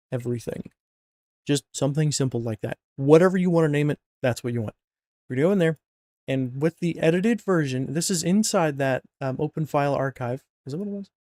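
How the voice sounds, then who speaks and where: A man's voice: fairly high pitch, warm tone, no room sound, studio quality. A man casually talking through a mod install on a screen recording, rambling and joking with lots of fillers and self-corrections, a bit sleepy. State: yawning, sleepy. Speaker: mod install tutorial narrator.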